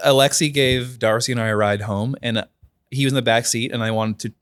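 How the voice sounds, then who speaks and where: A young man hosting a comedy podcast and chatting casually. He tells long, rambling stories packed with "like" and quick restarts. His voice sits at an ordinary middle pitch for a man. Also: fairly even intonation, fairly bright tone, clean tone. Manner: rambling storytelling, heavy with "like". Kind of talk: casual chat.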